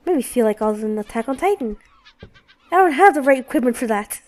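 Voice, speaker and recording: A woman giving casual let's play commentary, reacting out loud with exclamations and laughs. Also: a little high, brisk, pauses often, rough recording. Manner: expressive, exclaims and laughs at the game.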